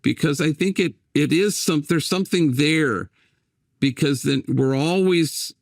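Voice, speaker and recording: Older american guy, gravelly voice, dry close sound, gentle musing storyteller who keeps restarting his sentences. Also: on the high side, unhurried, no echo. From United States. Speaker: priest and guest. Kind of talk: reflective interview storytelling.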